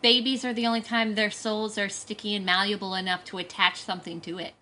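Female podcast co-host, very bright tone, assertive, argumentative. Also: mid-range voice, level tone, slight background noise. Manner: assertive, argumentative, quick to laugh. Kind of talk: casual movie discussion.

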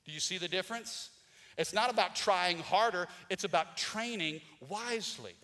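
A man's voice: sits high, moderate pace, sharp tone, long reverb tail. A man preaching a Sunday sermon as pastor, calling for responses from the congregation and rising to emphatic peaks. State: out of breath. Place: church sanctuary.

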